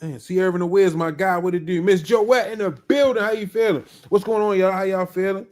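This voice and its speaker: Man, podcast host, slightly high voice, casual live chat, upbeat, slangy, greets people by name. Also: fairly even intonation, fairly quick, a little mellow.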